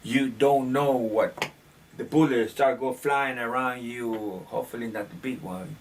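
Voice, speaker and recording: A man's voice: mid-range voice, steady tone, a little slow, a little hiss or hum. Opinionated man rambling off-mic. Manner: opinionated, rambling, with filler restarts. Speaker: commentator. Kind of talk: casual monologue on current events. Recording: distant mic, faint room ambience.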